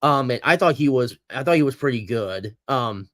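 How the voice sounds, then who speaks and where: This host's voice is medium-pitched and a bit bright, animated at a moderate pace, with clean studio audio and no room sound. He rambles through a casual livestream chat, stumbling over restarts, piling on ums, and chuckling at himself.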